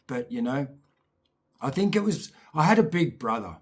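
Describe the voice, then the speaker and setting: A man tells a long childhood story in a loose, chatty way, swearing freely as he goes. His voice is husky and a little rough around the edges. He keeps his pitch at an ordinary middle height. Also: very animated, normal speed. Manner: rambling, profane, chatty. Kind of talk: casual spoken storytelling.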